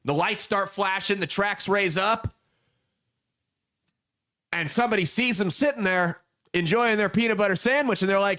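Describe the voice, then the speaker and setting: A young adult man with a fairly high voice delivers casual political commentary as a podcast host. He spins folksy parables and drives his points home with blunt, emphatic repetition. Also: normal speed, pauses often, pushed and bright.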